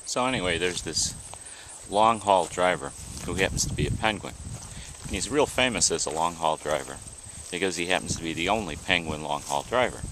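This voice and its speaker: A man telling jokes in a halting, rambling way, pausing often to search for words. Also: low voice. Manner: rambling, halting storyteller with many "uh"s. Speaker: joke teller. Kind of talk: casual joke telling. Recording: noisy outdoor recording with crickets.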